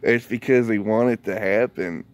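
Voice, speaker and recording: A man's voice: on the low side, fairly even intonation, moderate pace. A man vlogging a casual rant, rambling and profane, often breaking into laughter.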